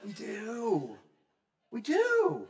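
A man preaching a sermon in a conversational way, quizzing the congregation and swinging between loud and soft. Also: very high voice, huge pitch swings, drawn-out words, gravelly. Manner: asks the congregation questions. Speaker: pastor.

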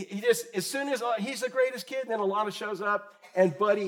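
Guy preaching, kinda high voice, talks to the crowd, asks em stuff, gets loud then quiet. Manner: animated, conversational, swings loud and soft; asks the congregation questions. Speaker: pastor. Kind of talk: sermon.

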